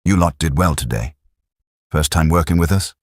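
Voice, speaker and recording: A man's voice: a bass voice, lively intonation, moderate pace, no room sound. A man voicing a cheeky young British private from Sheffield, bantering in a dry, teasing way. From Sheffield, England.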